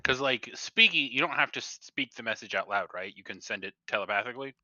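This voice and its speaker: A man's voice: mid-range voice, expressive, quick pace, pushed and bright, dry recording, dull audio. A man chatting casually as a player in a tabletop game, upbeat and chatty.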